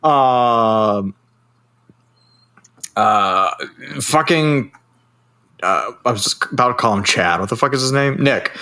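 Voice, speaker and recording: A man's voice: medium pitch, takes it slowly, pauses often, bright, forceful tone. A man in casual chat, recapping a movie in a rambling, profane way and laughing often. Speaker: podcast co-host.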